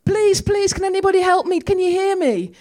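A woman voicing a panicked man stuck in a tree on a cliff, shouting for help in a much higher voice. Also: quick pace, lightly acted. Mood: desperate shouting.

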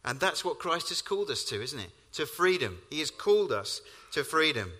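A man's voice: fairly high pitch, big pitch swings, moderate pace, sharp tone. A man preaching a sermon, telling stories with emphatic rises on key lines. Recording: hall reverb.

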